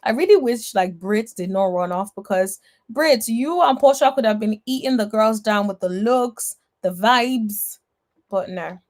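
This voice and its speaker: A woman's voice: on the high side, expressive, a little slow. A woman giving blunt, sassy reaction commentary on a reality TV episode, talking straight at the cast members. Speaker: reality TV recap vlogger.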